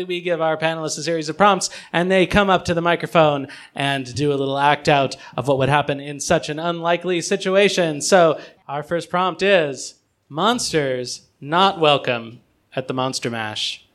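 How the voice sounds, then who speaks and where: High-voiced upbeat male comedy host. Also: brisk, bright, forceful tone. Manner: upbeat, announcing prompts, laughing along. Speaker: game show host. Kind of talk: hosting a comedy improv panel.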